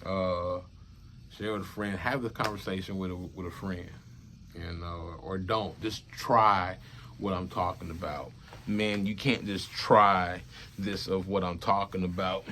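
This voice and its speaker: A young man talking to his viewers in a loose, repetitive monologue, murmuring low and then bursting out loud to make a point. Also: fairly even intonation, unhurried, slight background noise. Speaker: vlogger. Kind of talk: casual rambling monologue.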